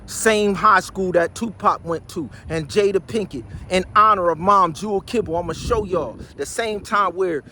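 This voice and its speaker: A New man in his sixties holds forth outdoors in a loud, boastful street monologue, firing off rhetorical questions. His voice sits high for a man. Faint traffic hums behind him. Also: normal speed, few pauses. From New Jersey. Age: high school in 1975, so 60s.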